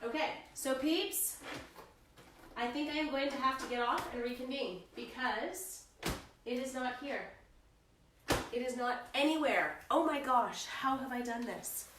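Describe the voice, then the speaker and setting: A woman's voice: high-pitched, measured pace, noisy background. A woman with a cold hosting a casual live crafting stream, flustered and chatty as she talks to viewers. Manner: flustered, chatty, moves away from the camera. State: sick with a cold. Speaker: crafting livestream host.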